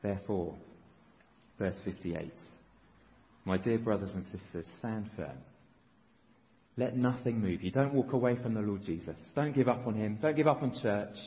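A male pastor preaches a sermon with earnest exhortation, leaning on short repeated phrases. His voice is fairly low, animated, unhurried and mellow. The recording is dull, with long reverb from an echoing church hall.

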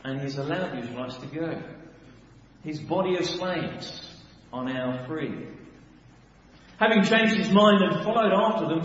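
A man with a high-sitting voice preaches an animated sermon packed with rhetorical questions, swinging suddenly between loud and hushed. The sound is dull, recorded in an echoey hall.

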